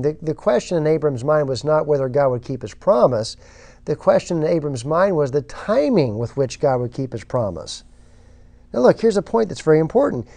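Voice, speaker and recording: A man preaches a sermon, reading scripture aloud and stressing his points emphatically, repeating words when he restarts. His voice is on the high side, creaky and warm.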